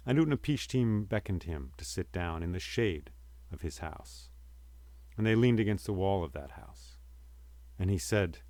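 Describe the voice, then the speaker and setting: A male storyteller narrating an old myth. His voice sits low, and his telling is measured and rhythmic. The recording is dry and close. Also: lively intonation, darkish tone, no room sound.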